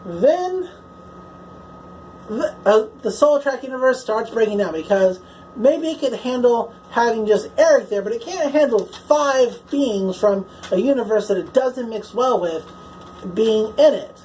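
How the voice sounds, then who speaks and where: A woman's voice: on the high side, expressive, unhurried, warm tone, a little hiss or hum, low-quality recording. A woman casually recapping a TV episode as a reviewer, chatty and swearing freely, filling her talk with "like" and "you know".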